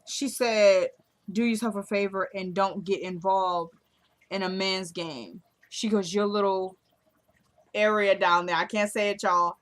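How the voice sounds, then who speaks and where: A woman's voice: medium pitch, normal speed. A woman chatting casually in a vlog, recapping a TV episode and acting out the characters' lines as she goes. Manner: retells scenes acting out both characters' lines; animated and chatty, addresses viewers as y'all. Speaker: TV show reviewer.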